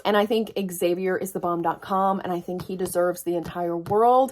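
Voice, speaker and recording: A young woman book vlogger in a casual reading vlog, expressive and swearing freely as she gives her reactions. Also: mid-range voice.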